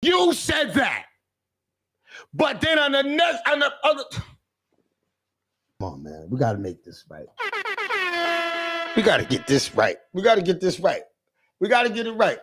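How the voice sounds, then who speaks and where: A man hosting a livestream, ranting in a casual, animated way, repeating himself and mimicking callers. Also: high-pitched, measured pace, pauses often, husky. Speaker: livestream host.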